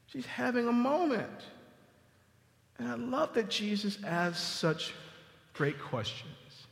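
A man preaching a sermon in a church sanctuary in a conversational style, repeating phrases for emphasis and dropping to a soft murmur on tender lines. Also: very high voice, sing-song, slow pace, creaky. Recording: long hall reverb.

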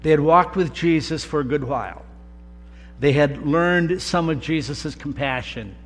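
Slow, deliberate preacher in a reverberant hall. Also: male voice, a little high. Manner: slow, deliberate delivery with emphatic pauses. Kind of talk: sermon. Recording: long reverb of a large hall, faint hum.

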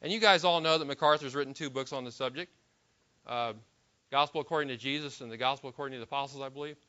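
Bright-voiced emphatic male preacher, lo-fi. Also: mid-range voice, quick pace, clean tone. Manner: emphatic, with frequent restarts and rhetorical questions. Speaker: pastor. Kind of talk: sermon.

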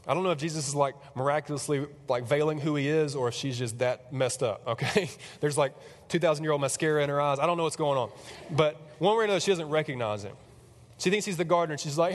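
A man preaching in a casual, animated storytelling style, chatty and full of fillers, who acts out the people in his story. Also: medium pitch. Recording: long hall reverb.

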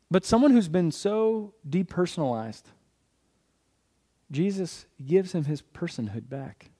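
A man preaches as a guest pastor, with a voice that sits a little high and a mellow, dark tone. He asks the congregation questions and answers them himself, and drops jokes in passing. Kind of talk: sermon.

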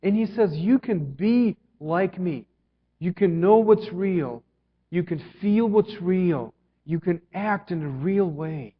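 A man preaching a sermon as pastor, earnest, moving between emphatic lines and hushed ones. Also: high voice, slow pace. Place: church sanctuary. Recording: dull sound with long reverb in a hall.

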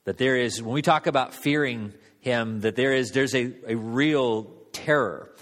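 A man pastor giving a sermon in a church, conversational and halting, with frequent fillers. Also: medium pitch, a bit bright, big-room sound. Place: church sanctuary.

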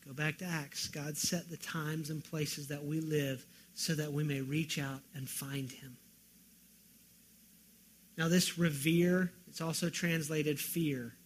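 A man preaching a sermon as pastor, moving from loud pleading questions to quiet, earnest emphasis. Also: fairly high pitch, little pitch movement, slow, a little hiss or hum.

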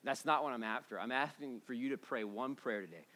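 A man preaching a sermon in a church, casual and joking, swinging between loud bursts and hushed moments. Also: mid-range voice, brisk. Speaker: pastor.

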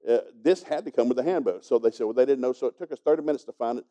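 Fast-talking man with a very dark voice. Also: medium pitch. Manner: folksy storytelling, chuckling as he goes. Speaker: pastor teaching a congregation. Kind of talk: sermon with a personal story.

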